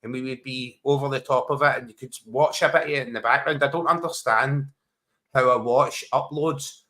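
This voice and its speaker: A man's voice: medium pitch, fairly even intonation, a little fast, sharp tone. A man co-hosting a football watchalong livestream, teasing his co-host with laughter and casual chat.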